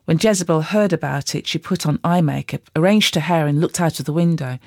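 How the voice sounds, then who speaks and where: Bible reader, scripture reading, steady delivery, mid-range voice, dry close recording. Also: mid-range voice, brisk, no room sound.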